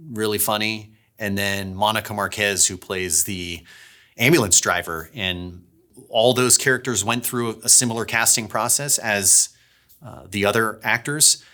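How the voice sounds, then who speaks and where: A man who creates audio dramas, chatting casually behind the scenes and telling stories in a lively way that sometimes restarts its phrases. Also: lowish voice. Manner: chatty, storytelling, restarts phrases when excited.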